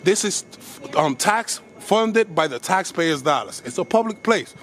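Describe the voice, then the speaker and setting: A man filming on a city sidewalk with a handheld camera, loud and insistent, repeating himself as he argues about his right to record. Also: high-pitched, lively intonation, unhurried. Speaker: host filming public officials. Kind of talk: confrontational street recording.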